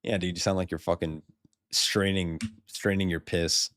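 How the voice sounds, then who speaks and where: A man's voice: low voice, fairly even intonation, normal speed, fairly bright tone. An American man rambling casually while streaming a game, swearing freely and laughing often. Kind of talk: casual live-stream chat.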